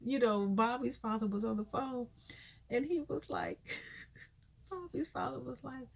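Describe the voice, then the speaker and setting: A woman giving a casual, profane recap of a reality show, animated and laughing, with asides. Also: on the high side, a little slow, vocal fry. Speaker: reality TV commentator.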